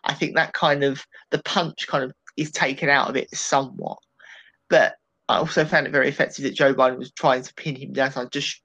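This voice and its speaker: A man with an animated, rambling delivery, giving his take on a political debate in a casual podcast discussion. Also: mid-range voice, brisk, creaky, rough recording. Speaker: political commentator.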